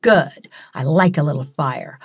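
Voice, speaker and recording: A self-satisfied talking crystal skull, put on by a woman narrator drawls its lines slowly and sprinkles in French words. The voice sits on the low side for a woman and stays chatty and pleased with itself, like a character in a read-aloud storybook. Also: slightly rough. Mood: smug teasing.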